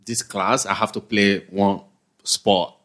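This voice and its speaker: A man's voice: lowish voice, fairly even intonation, slow, fairly bright tone. A man hosting a podcast, chatting casually with his guest in an easygoing way and laughing often. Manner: easygoing, laughs often, loose phrasing full of fillers. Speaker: podcast host. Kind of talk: casual interview chat.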